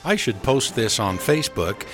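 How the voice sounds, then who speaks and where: A man's voice: mid-range voice, sing-song, fairly bright tone, soft background music. An older man co-hosting a radio show, telling dad jokes in a folksy, chuckling way. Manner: folksy, chuckling, slow joke delivery. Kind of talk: casual joke-telling chat.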